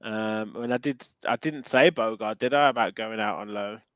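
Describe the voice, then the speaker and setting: A man's voice: fairly low pitch, normal speed, fairly bright tone, no room sound, lo-fi sound. A man with a Midlands accent hosting a casual football podcast, chatting and reading out viewer comments with plenty of ums. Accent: English Midlands. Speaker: podcast host.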